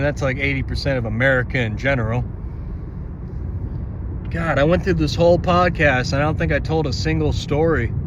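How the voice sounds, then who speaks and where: A male comedian rambling through a casual, self-deprecating podcast monologue from inside a car. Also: fairly high pitch. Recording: slightly muffled car recording with road hum.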